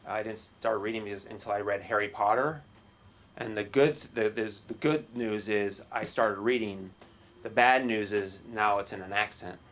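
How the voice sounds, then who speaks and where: A middle-aged man doing a stand-up set at an open mic in a small comedy club, with a halting, self-deprecating delivery full of restarts. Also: on the low side, fairly even intonation, fairly bright tone.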